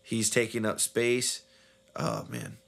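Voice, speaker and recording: Low-voiced man, loose podcast talk. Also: very animated, slow pace, gravelly, a bit bright. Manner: loose and laid-back, swears casually, trails off and restarts. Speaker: podcast co-host. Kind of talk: casual chat. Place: recording studio.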